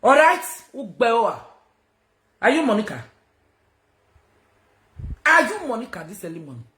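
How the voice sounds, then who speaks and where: Loud ranting Nigerian woman. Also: fairly high pitch, sing-song, moderate pace, roomy sound. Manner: loud, confrontational, mixes in Pidgin. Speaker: social media personality. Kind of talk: livestream rant.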